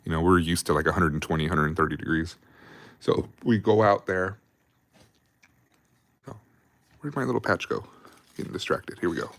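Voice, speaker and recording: Low-voiced profane army storyteller. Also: male voice, normal speed, pauses often, no room sound. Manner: rambling, profane, heavy on fillers. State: drinking beer. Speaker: livestream host, army veteran. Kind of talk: casual storytelling.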